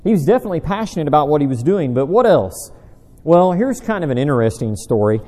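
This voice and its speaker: A fast-talking man with a fairly high, mellow, sing-song voice teaches a Bible study through a conversational sermon. In the long reverb of a large hall, he chats, asks his listeners questions, and uses dry self-deprecating humor.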